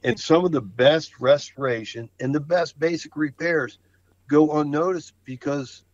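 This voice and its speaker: Guest spot: excited man, stumbling restarts, dull dry lo-fi sound. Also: a little high, measured pace, no room sound. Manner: enthusiastic, repetitive restarts. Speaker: flooring contractor guest. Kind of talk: casual podcast conversation.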